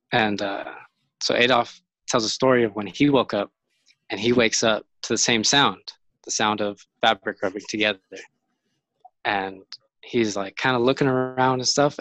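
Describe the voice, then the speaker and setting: Casual male storyteller, low voice, rambling delivery, dry close mic. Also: a bit bright, no room sound, poor audio. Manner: rambling, many fillers and restarts.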